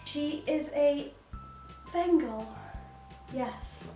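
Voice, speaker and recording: A woman's voice: sits high, very slow, mellow. A woman vlogging casual advice as a cat sitter, chatty and giggly, talking at home with a cat on her lap. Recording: roomy, slightly distant, faint music.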